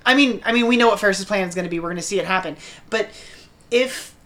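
A woman co-hosting a casual film podcast, animated and laughing often as she acts out lines from a movie. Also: medium pitch, fast. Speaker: podcast co-host. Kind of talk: casual film discussion chat.

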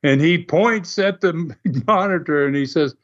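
A man with a somewhat high voice tells stories in a loose, animated way, chuckling often as he goes. The audio is muffled and lo-fi. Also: measured pace. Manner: animated, laughs often, acts out quoted voices. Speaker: guest recounting wrestling TV history. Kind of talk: casual storytelling.

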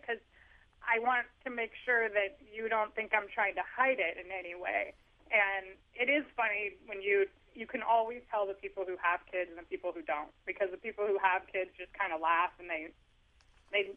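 High-voiced man on a tinny phone line. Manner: chatty, storytelling, self-deprecating humor. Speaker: author guest. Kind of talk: casual phone interview. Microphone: telephone.

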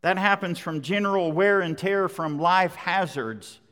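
A man preaching a sermon as pastor, repeating key phrases with emphasis, swelling loud and then dropping soft. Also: sits high, unhurried. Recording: long hall reverb.

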